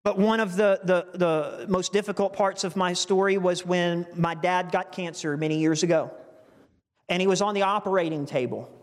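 A man's voice: high voice, fairly even intonation, moderate pace. A man preaching a sermon with earnest, emotional storytelling, often restarting his phrases. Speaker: pastor. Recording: long reverb from a large hall.

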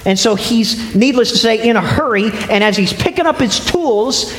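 Pastor, male, higher voice, storytelling sermon, roomy church with a long reverb. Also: expressive, normal speed, fairly bright tone, a little hiss or hum. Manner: storytelling with frequent restarts. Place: church sanctuary. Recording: echoey hall with long reverb.

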